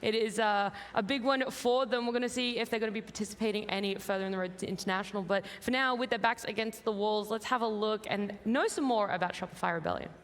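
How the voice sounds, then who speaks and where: A woman's voice: mid-range voice, quick pace, hardly any pauses, big-room sound. A woman with an Australian accent hosting an esports panel with upbeat, playful banter. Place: convention center stage.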